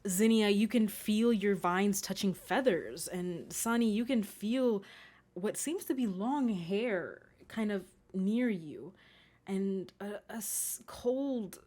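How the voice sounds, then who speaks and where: A woman's voice: mid-range voice, takes it slowly, a little mellow. A woman narrating as game master, describing scenes in a hesitant way with many fillers.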